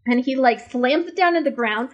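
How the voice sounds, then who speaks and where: A woman's voice: sits high, moderate pace, highs cut off. A woman co-hosting a podcast, casually recapping a movie with enthusiasm and playful quoted lines. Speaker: podcast co-host.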